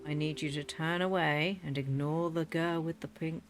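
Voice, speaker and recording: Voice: mid-range voice, steady tone, moderate pace, music in the background. A gaming host giving casual gameplay commentary, chatting away, talking to the game's animals and breaking into mock-furious rants.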